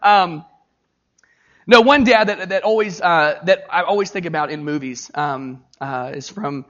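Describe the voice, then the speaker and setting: A middle-aged man preaching a sermon, joking with his listeners and speaking with earnest feeling. His voice sits high and bright. The recording sounds dull and lo-fi. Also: unhurried. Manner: animated, jokey, crowd-engaging; earnest and emotional. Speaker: pastor.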